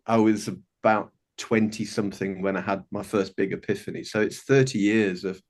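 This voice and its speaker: A man in his fifties on a video call from his bedroom at home, telling family anecdotes in a rambling, warm way with many restarts. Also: lowish voice, little pitch movement, normal speed. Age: 50s. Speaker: participant sharing a story. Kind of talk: casual video-call storytelling.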